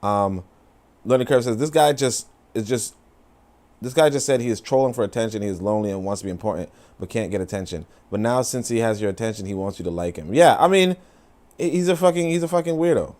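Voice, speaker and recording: A young adult man hosting a casual live-stream, reading viewer comments and riffing with profane, animated storytelling and mocking quoted voices. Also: on the low side, fast. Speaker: livestream commentary host.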